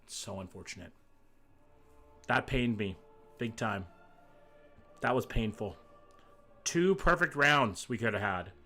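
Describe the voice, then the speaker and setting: A man's voice: mid-range voice, lively intonation, slow pace, long pauses, pushed and bright, faint music behind. A man streaming a geography game, chatting casually and reading chat aloud, swearing freely, a little sick. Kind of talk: casual live-stream chat while gaming.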